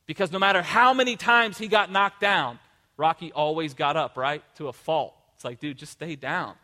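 Emphatic preacher with a bright voice. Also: male voice, on the high side, moderate pace, in a large hall. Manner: emphatic, motivational, repeats words when restarting. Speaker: pastor. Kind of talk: sermon.

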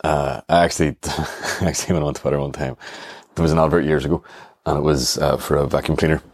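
Very deep, husky-voiced man telling stories. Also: steady tone, fast, no room sound, studio quality. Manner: rambling, self-mocking, acts out voices in quotes. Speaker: podcast host. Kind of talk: comic storytelling monologue.

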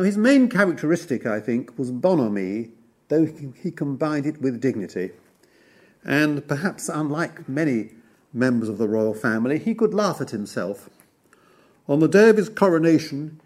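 A man giving a formal history lecture, measured and wry, listing details one by one. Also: medium pitch, a little mellow.

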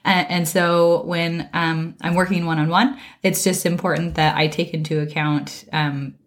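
A woman hosting a solo podcast, her low voice hoarse and raspy from a cold. She talks in a loose, chatty way, full of fillers and little laughs. Her breathing is audible and a bit heavy. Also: level tone, unhurried. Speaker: podcast host, wellness and life coach. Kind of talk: casual solo podcast talk.

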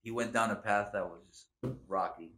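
A man's voice: lowish voice, steady tone, moderate pace, crowd noise. A man guest on a podcast, talking in a laid-back, reflective way with casual slang. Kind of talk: casual chat.

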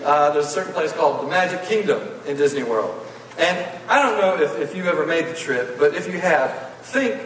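A man's voice: a little high, recorded from a distance, slight background noise. A male preacher telling a folksy, playful story during a sermon. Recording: echoey hall, voice from afar.

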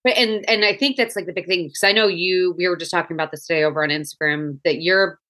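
Bright-voiced woman podcast host, chatty. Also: lowish voice, fairly even intonation, fast talker. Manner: chatty, frequent restarts and laughs. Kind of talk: casual chat.

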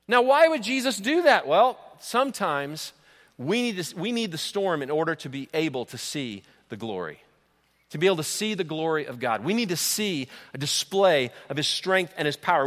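A man preaching a sermon in a big church hall, his voice ringing out with a long reverb. His pitch sits a little high for a man, and he tells the story with animated energy, full of fillers and stumbling repeats. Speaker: pastor.

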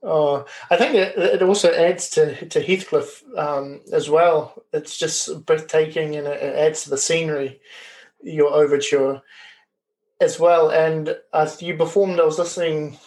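A man hosts a relaxed interview, his voice a little high for a man. He keeps the talk going with brief encouraging replies and casual questions. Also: a little slow, rough recording. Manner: encouraging, with frequent short backchannel replies.

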